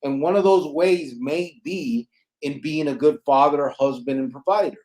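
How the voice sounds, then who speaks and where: A man's voice: a little high, moderate pace, darkish tone. A man hosting a podcast, making his point with emphatic rhetorical questions. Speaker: podcast host. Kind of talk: casual chat.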